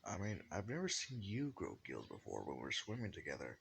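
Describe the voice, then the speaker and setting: A man voicing a young male hybrid hunter who is anxious and unsure, in a halting way of talking. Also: low-pitched, huge pitch swings, gravelly, a bit bright, a little hiss or hum, pitched above the performer's own voice, heavily acted.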